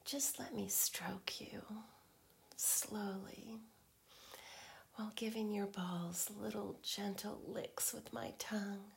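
A woman in a whispered role-play as a girlfriend, teasing in slow, breathy whispers broken by soft hums. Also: mid-range voice, steady tone.

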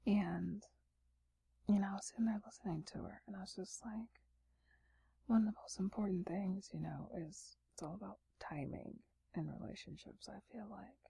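A woman hosting a podcast in a sleepy, breathy whispered role-play, rambling casually in a low voice close to the mic. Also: moderate pace, mellow, a little hiss or hum. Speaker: podcast host.

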